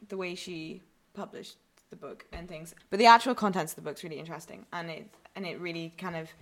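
A young woman with a northern English accent from the Newcastle area, co-hosting a casual podcast chat and rambling with fillers and restarts. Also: fairly low pitch. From Newcastle, northern England. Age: young adult. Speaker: podcast co-host, university student.

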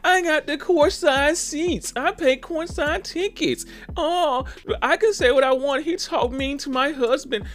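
A man doing a mocking impression of an entitled rich woman, in a high, drawn-out, whiny voice. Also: a bit bright.

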